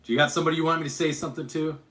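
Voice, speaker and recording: A man's voice: on the high side, little pitch movement, very fast, fairly bright tone, echoey room. Rambling, joking male stream host. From Utah. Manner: rambling, self-correcting, joking. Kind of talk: casual livestream chat and Q&A.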